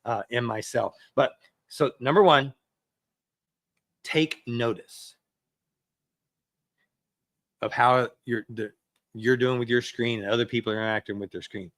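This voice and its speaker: A man's voice: medium pitch, steady tone, unhurried, long pauses, a bit bright, no room sound. A man preaching a sermon as a pastor, in a conversational way that acts out everyday excuses.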